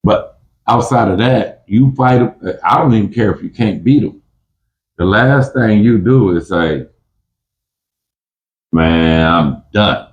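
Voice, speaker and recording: A man's voice: lowish voice, a little slow, darkish tone, highs cut off. A man telling prison stories in casual talk, full of street slang and restarts, who acts out both sides of a fight in a raised voice. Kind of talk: casual storytelling.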